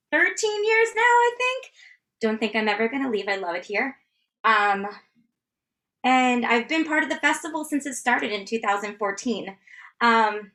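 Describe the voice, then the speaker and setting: A woman's voice: fairly high pitch, pushed and bright, recorded from a distance. A woman in her thirties teaching a tap dance class, upbeat and counting out steps as she goes. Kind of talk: live online dance class instruction.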